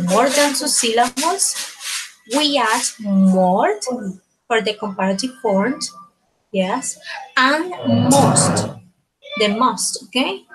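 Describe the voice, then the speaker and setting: Woman teacher, measured unhurried delivery, keeps checking in with "okay?". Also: on the high side, background noise. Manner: slow, repeats words, ends phrases with tag questions. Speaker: English teacher. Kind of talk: slow grammar lesson.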